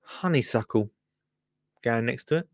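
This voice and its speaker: A man's voice: medium pitch, measured pace, gravelly, heavy background noise. A man chatting casually as he reacts to a gardening clip, jokey and rambling with many asides. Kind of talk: casual chat commentary.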